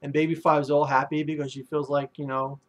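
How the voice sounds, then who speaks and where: A man with a somewhat high voice talks through a manga chapter in a loose, casual review. He rambles, filling his sentences with ums, likes and you-knows. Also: level tone, brisk.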